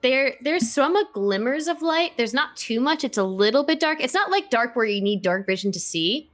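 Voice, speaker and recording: A woman's voice: high-pitched, animated, moderate pace, a bit bright. A woman running a tabletop game as game master, describing scenes in a hesitant way with many fillers.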